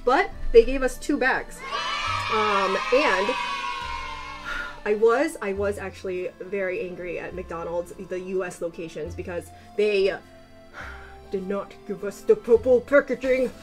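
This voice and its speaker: A young woman hosting a casual food vlog, chatty and excitable, breaking off and restarting her sentences. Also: medium pitch, a little slow, faint music behind. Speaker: vlogger host. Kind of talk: casual mukbang vlog chat.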